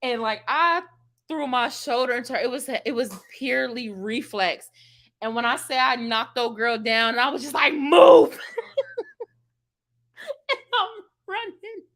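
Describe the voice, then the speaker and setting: A woman vlogger telling a funny story in casual chat, animated and laughing, acting out quotes with big jumps in her voice. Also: on the high side, normal speed.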